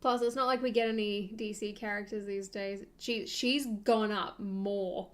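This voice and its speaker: A young woman streaming, chatting casually and thinking aloud with soft laughs. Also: medium pitch, steady tone, unhurried.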